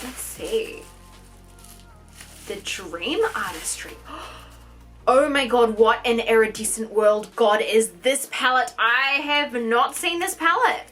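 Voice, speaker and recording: A woman's voice: a little high, expressive, a little slow, fairly bright tone, soft background music. Gushing young woman unboxing makeup. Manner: gushing, gasping, lots of "oh my god" and "honey". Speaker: beauty vlogger. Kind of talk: excited unboxing vlog.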